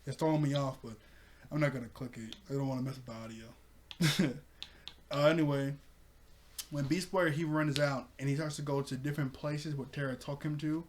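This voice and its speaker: A man's voice: on the high side, fairly even intonation, normal speed, slight background noise. A young man casually recapping and reviewing a cartoon episode, chatty, laughing often and acting out quoted lines.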